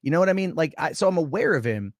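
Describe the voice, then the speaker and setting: A man who is a guest on a live stream, answering accusations in a defensive, halting way and swearing often. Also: on the high side, lively intonation, no room sound, clean studio sound.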